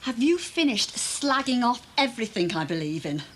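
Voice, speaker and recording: A devout middle-aged mother, sharp and easily offended. Her voice is high-pitched and moves a great deal. It is a scene from a TV soap opera. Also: very animated, moderate pace, a little hiss or hum. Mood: indignant.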